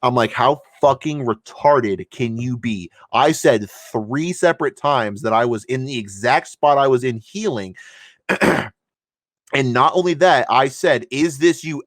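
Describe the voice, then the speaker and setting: A man's voice: medium pitch, animated, normal speed, fairly bright tone, dry recording. Profane, fired-up man in a dry room. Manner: heated, profane ranting retelling. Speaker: podcast co-host. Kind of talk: casual chat.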